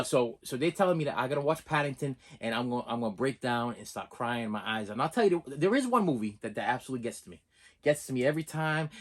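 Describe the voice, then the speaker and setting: A middle-aged man hosting a casual movie unboxing video, talking in a rambling, excitable way and often repeating words and restarting his sentences. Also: medium pitch. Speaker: movie unboxing channel host.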